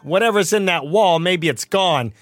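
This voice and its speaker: A man hosting a comedy show in a goofy, excitable, jittery manner. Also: high voice, moderate pace, no echo, clean studio sound. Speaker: comedy podcast host.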